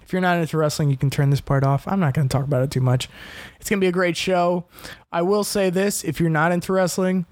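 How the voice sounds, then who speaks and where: A man's voice: on the high side, fairly even intonation, fast talker, darkish tone, no echo, clean studio sound. A young man hosting a solo podcast, ranting casually with lots of cursing and self-deprecating asides. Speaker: podcast host.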